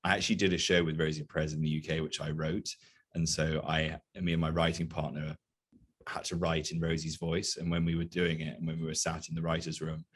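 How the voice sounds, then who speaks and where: A man's voice: extremely low pitch, monotone, a little fast, slightly rough. A man with an English accent, an actor answering questions in a casual press interview and telling funny, self-mocking stories. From England. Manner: storytelling, self-mocking humor.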